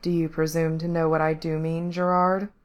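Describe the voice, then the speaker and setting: A woman voicing a cold, menacing male villain who speaks softly and growls his threats. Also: deep voice, flat delivery, moderate pace, lightly acted. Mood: soft menace.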